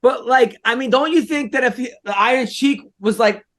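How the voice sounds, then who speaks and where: A man co-hosting a fight podcast, chatting casually and rambling, getting loud when doing bits. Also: extremely high pitch, normal speed. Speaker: podcast host. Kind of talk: casual chat.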